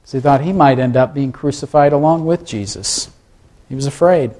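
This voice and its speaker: A man's voice: medium pitch, moderate pace, warm tone. A man preaching a sermon in a conversational way, asking his listeners rhetorical questions. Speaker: pastor.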